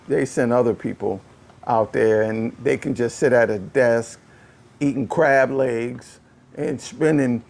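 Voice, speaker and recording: A man hosting a casual political talk show, ranting in an animated, exasperated way, often repeating phrases and swinging from low muttering to a raised voice. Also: gravelly. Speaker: podcast host. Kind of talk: casual political commentary rant.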